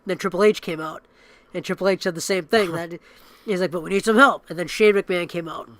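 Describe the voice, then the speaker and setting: A man's voice: high-pitched, fairly even intonation, fast, pushed and bright, no echo. A man in his thirties co-hosting a podcast in casual chat, acting out quotes in raised voices. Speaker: podcast co-host.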